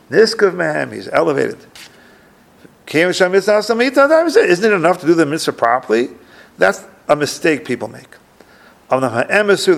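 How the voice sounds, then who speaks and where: Male rabbi teaching a class; gravelly, lively delivery, reads and translates texts. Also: a little high. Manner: reads Hebrew lines and translates each; thinks aloud with restarts. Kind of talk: religious lecture with text reading.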